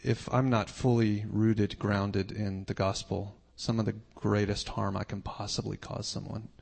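A man moderating a church panel, reflective and measured. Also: fairly low pitch, flat delivery, creaky, a little mellow.

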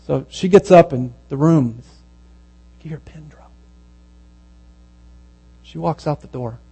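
Preacher, man, slightly high voice, relaxed storytelling sermon, low mains hum under it. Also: creaky, slightly rough, rough recording. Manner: conversational storytelling that grows hushed and slow at the moving parts.

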